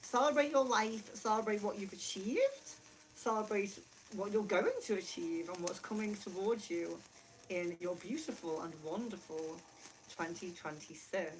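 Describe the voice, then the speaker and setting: A woman hosting a spiritual livestream from her room, giggly and excitable, laughing often, speaking to a camera set far across the room. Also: mid-range voice, measured pace, a little hiss or hum. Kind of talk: casual livestream chat. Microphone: camera mic from across the room.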